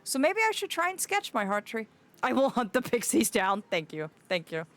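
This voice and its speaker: This young woman, streaming in character as a theatrical and affectionate fae, welcomes her chat with a fond "my dear." Her voice is a little high and very animated, a bit bright, delivered at normal speed.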